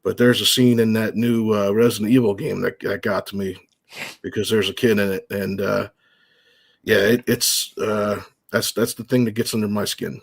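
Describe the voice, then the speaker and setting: A man's voice: lowish voice, steady tone, moderate pace, creaky, husky. A man as a guest in a casual chat, talking in an easygoing, rambling way with many fillers. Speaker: guest, horror recap creator.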